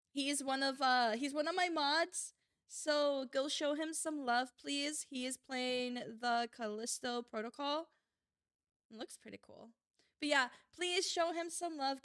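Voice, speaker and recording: A woman's voice: high voice, fairly bright tone, smooth, no echo, clean studio sound. A young woman live-streaming a video game, reading its text aloud and chatting casually and emotionally with her viewers, laughing and swearing often.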